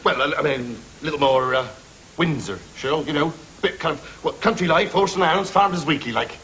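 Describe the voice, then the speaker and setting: A man's voice: fairly high pitch, fairly quick, a bit bright, a little hiss or hum, close to an everyday voice. A man with an English accent playing a pushy young husband, a trainee salesman who rambles eagerly and keeps saying "I mean", in a studio sitcom. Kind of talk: 1980s studio sitcom acting.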